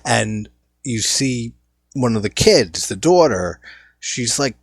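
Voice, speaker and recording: A man's voice: mid-range voice, lively intonation, takes it slowly, husky, no room sound, clean studio sound. A man hosting a casual film commentary, enthusiastically recounting scenes and often laughing. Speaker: film review host.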